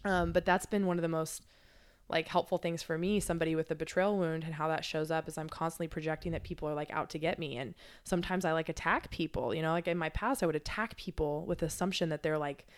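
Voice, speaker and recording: A woman's voice: sits low, steady tone, quick pace. A woman in casual chat as a podcast guest, speaking candidly and reflectively, swearing freely and using lots of filler words.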